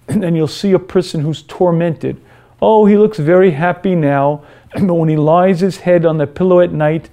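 A man's voice: fairly high pitch, warm tone. Earnest man giving a moral lecture. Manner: earnest, storytelling, frequent throat clearing.

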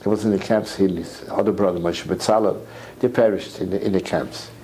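A man giving an impassioned sermon lecture, repeating words as his voice climbs to near shouts. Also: low-pitched, steady tone, brisk, slight background noise, low-quality recording. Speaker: rabbi lecturer.

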